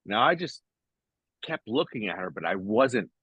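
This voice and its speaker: Guy with a low voice telling a story all animated, talking right at you, dull dry mic. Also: normal speed, slightly rough, no echo. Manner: animated storytelling, talks to the listener directly. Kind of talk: casual chat.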